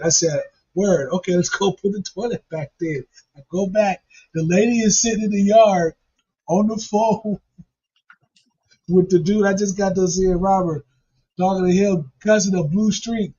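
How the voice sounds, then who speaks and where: A man's voice: high voice, measured pace, dark tone, breathy edge. A man casually telling a profane, funny story and laughing along as he goes. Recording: dull lo-fi recording.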